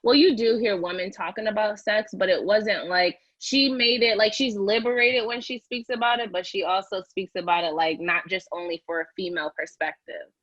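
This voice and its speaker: A woman from Connecticut, a podcast host being interviewed, chatting in an animated, playful way with frequent laughs. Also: medium pitch, moderate pace, few pauses, muffled recording. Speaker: podcast host, guest here. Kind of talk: casual interview chat.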